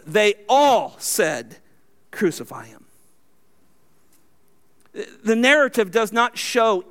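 A pastor preaching a sermon, reading scripture aloud and moving between emphatic high points and low, quiet remarks. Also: male voice.

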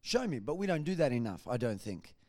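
A man giving a church testimony, telling his story in a lively way and acting out what people said. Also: mid-range voice, brisk. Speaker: guest speaker giving testimony.

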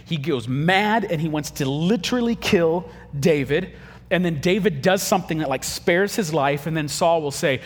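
A man preaching a casual, humorous sermon, telling stories and acting out quick quoted voices. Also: on the high side, long reverb tail. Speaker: pastor.

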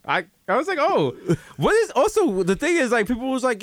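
A man's voice: very high-pitched, big pitch swings, fairly quick, a bit bright, no room sound. A young man co-hosting a podcast, talking in loose, profane banter and telling stories with acted-out quotes. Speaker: podcast co-host.

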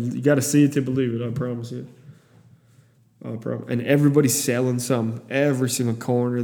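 A man's voice: medium pitch, warm tone, in a large hall. A young man from Iowa telling a story in a casual, rambling, profane way, with many restarts.

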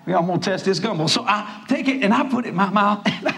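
A man with a Cajun accent preaching a comedic sermon, telling stories loudly and often breaking into shouts. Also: high-pitched, racing, creaky. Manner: animated, loud storytelling with bursts of shouting. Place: church hall before a live audience.

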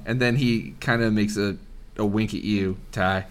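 A man's voice: on the low side, fairly even intonation, unhurried, clear, resonant tone. A man acting as game master, narrating a tabletop game casually with many restarts. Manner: laid-back, laughing, full of restarts.

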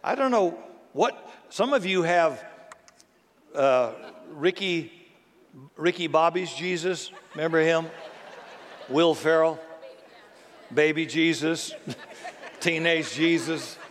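Male pastor with a somewhat high voice, preaching conversationally and quizzing the congregation, with long church reverb. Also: slow, pauses often. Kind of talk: sermon. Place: church sanctuary.

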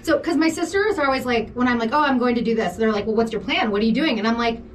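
A woman co-hosting a podcast, telling a story in casual chat, animated and laughing, swearing freely. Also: a little high, quick pace, recorded from a distance, a little hiss or hum. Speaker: podcast co-host.

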